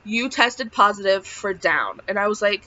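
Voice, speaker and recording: A woman's voice: medium pitch, lively intonation, moderate pace, sharp tone. A young woman telling a personal story in a casual vlog, chatty and full of filler words. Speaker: vlogger. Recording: slightly dull lo-fi sound.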